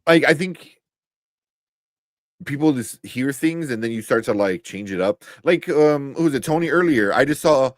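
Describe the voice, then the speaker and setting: A man's voice: medium pitch, moderate pace, dry recording, clean studio sound. A man co-hosting a live podcast stream, chatting loosely and rambling with frequent laughs. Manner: rambling, animated, laughs often. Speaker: podcast co-host. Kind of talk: casual chat on a live stream.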